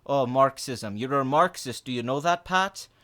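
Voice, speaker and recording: A man's voice: medium pitch, normal speed, a bit bright, pitched below the performer's own voice, close to an everyday voice. A man doing a mocking impression of a grumbling middle-aged man who accuses others of being Marxists. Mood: accusing.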